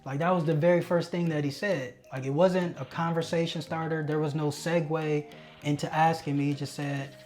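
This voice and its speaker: A man recounting a personal experience in candid storytelling, earnest and self-deprecating, sometimes halting and restarting as he recalls tense moments. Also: on the high side, level tone, darkish tone, faint music behind. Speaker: testimony speaker.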